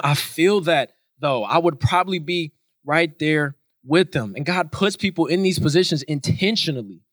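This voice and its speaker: An earnest man preaching a sermon, with a voice pitched a bit high for a man. He drives his points home by repeating them. The recording is close and dry. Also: fairly bright tone, no room sound. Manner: earnest, emphatic repetition.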